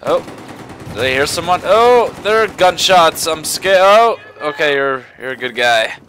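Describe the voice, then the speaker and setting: A man giving relaxed gameplay commentary, slow and drawn out in a mock-genteel accent. His voice sits a little high and sounds bright. He keeps breaking into startled cries of alarm. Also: a little hiss or hum. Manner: jumpy, frequent startled exclamations. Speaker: gaming commentator.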